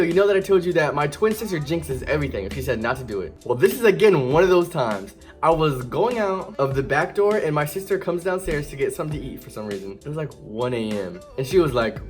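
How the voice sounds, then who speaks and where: A young man casually telling a story from his teens, animated, often jumping into loud high-pitched voices when he quotes people.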